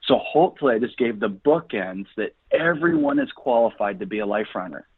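A man's voice: on the low side, very animated, a little fast, husky, no echo. Earnest guy preaching encouragement on a radio call, dry tinny phone audio. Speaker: guest, ministry founder. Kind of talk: enthusiastic radio interview talk.

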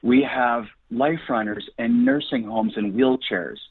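A man's voice: medium pitch, huge pitch swings, a little slow, gravelly, breathy edge, no echo. A man guest on a radio interview, talking earnestly and encouragingly like a preacher. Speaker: guest, ministry founder. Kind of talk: enthusiastic radio interview talk. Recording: dry phone-line audio.

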